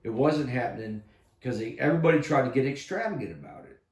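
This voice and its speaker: Older male army vet for a podcast chat, swears constantly, mid-pitched voice, recorded in an echoey room. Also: quick pace. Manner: profane, animated storyteller acting out shouts. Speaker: retired army sergeant major telling war stories. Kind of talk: casual storytelling with heavy swearing.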